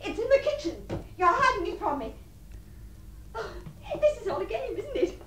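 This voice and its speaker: An actress in a radio drama playing a refined, lonely woman who imagines she is about to marry, her voice moving between breathy tenderness and giddy excitement. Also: very high-pitched, moderate pace, a little hiss or hum, full character voice. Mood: confused, insistent. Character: deluded lonely upper-class spinster dreaming of marriage. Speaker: the Princess.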